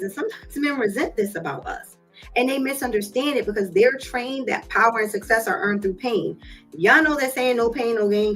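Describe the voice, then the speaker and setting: A woman's voice: medium pitch, slightly rough. A woman hosting a live stream from her home office, giving a casual motivational talk with chatty storytelling and calling listeners y'all. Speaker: live stream host and business owner.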